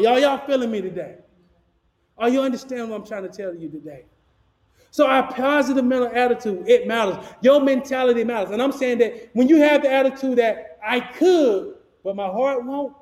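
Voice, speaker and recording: A man preaching a sermon as pastor, projecting his voice loudly without a microphone and asking the congregation call-and-response questions, with clogged ears and sinus trouble. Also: very high-pitched, expressive, normal speed. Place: church sanctuary. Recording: echoey hall, no microphone.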